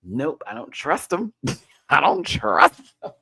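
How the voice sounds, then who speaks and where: A man hosting a casual show recap, telling a personal story with lively, rising excitement. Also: slow pace, gravelly, husky, no room sound. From Texas. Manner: animated storytelling, jumps high when excited. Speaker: show host.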